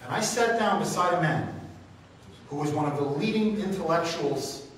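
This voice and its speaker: A man with a slightly high voice speaks to a room and tells stories with rising passion, often pushing into loud exclamations. His voice reaches the mic from far off. It booms around a very echoey hall over a faint hiss. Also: expressive, normal speed. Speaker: radio talk show host. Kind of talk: speaking to a meeting, answering questions. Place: meeting room.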